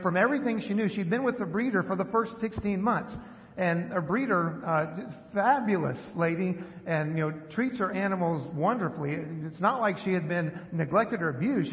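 High-voiced man preaching in a reverberant hall. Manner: relaxed, conversational, self-deprecating with small laughs. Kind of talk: storytelling church talk. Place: large hall on stage. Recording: hall reverb, dull lo-fi sound.

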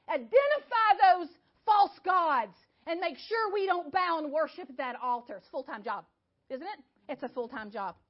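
A woman delivers a sermon in a very high, bright-sitting voice, spinning a story and pressing home rhetorical questions. The recording sounds dull and lo-fi. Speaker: Bible teacher.

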